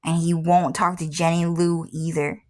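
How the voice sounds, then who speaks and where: Female, 30s, lower pitch; loose and repetitive storyteller who curses casually. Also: flat delivery, normal speed. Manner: rambling, repeats "what happened is", swears freely. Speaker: vlogger.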